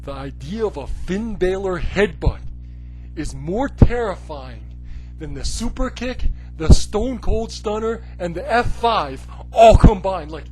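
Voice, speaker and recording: A man hosting a wrestling video, ranting sarcastically in a casual, animated way with lots of "you know, like". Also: sits high, a little slow, soft background music, poor audio. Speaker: wrestling commentary video host. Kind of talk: comedic rant.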